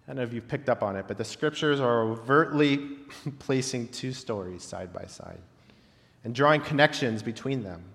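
Male pastor, mid-pitched, unhurried reflective sermon delivery, heard in a big echoing hall. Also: gravelly. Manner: reflective, with long pauses and softly dropped phrase ends. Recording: long reverb of a large hall.

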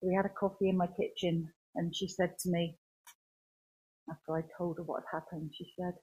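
Husky woman giving earnest testimony. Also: on the low side, level tone, phone-quality sound. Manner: earnest, halting, with restarts. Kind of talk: personal faith testimony. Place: church.

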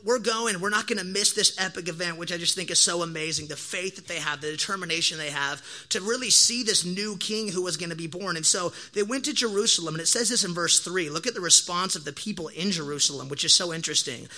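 A young man gives a casual sermon in a high, brightly ringing voice. He talks in slangy, animated bursts and acts out lively quoted asides as he tells his stories. Sometimes he slows down to make a point. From Oregon, USA. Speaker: pastor.

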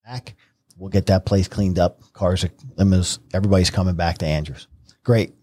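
A middle-aged man from New York, guesting on a podcast, spins his stories in a deep, husky voice. He acts out the quotes as he goes, which keeps the telling lively. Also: normal speed. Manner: vivid, animated retelling with acted-out quotes. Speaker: guest, retired Marine helicopter pilot. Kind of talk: conversational storytelling.

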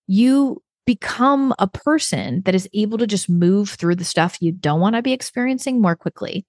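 A woman hosting her own podcast, telling a story in a chatty, animated way, often laughing and acting out quoted dialogue. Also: mid-range voice, normal speed, dry recording, clean studio sound. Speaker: podcast host. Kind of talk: casual solo podcast storytelling.

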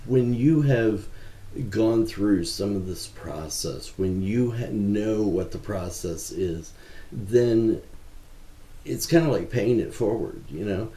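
Male ministry founder as interview guest: low voice, mellow tone, earnest and measured, recorded with an echo of the room. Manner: earnest, measured, with frequent fillers. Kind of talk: conversational interview answers. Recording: roomy echo.

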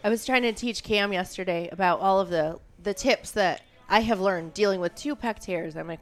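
A woman's voice: mid-range voice, normal speed, few pauses. A woman in casual podcast chat, blunt and joking.

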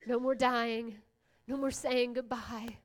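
A woman pastor preaching a sermon, swinging from hushed whispers to loud exclamations, with playful asides to the congregation. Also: fairly high pitch, steady tone, takes it slowly.

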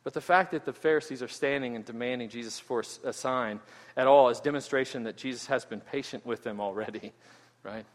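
A man's voice: mid-range voice, brisk. A man preaching an expository sermon as a pastor, earnest and emphatic, often restarting phrases and adding "right?". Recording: echoey hall with long reverb.

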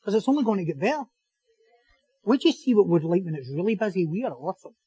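A man preaching a sermon as pastor, animated and joking, repeating phrases for emphasis. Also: high-pitched, quick pace, breathy edge, dry recording, low-quality recording.

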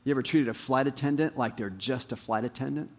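A man preaching a sermon as pastor, animated, rising to emphatic highs and dropping low. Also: fast.

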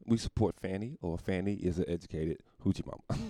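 A man's voice: sits low, sing-song, moderate pace, dark tone, no echo, studio quality. A man hosting a solo podcast, ranting crudely and mockingly and laughing at his own jokes. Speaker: podcast host. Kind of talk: solo comedic rant.

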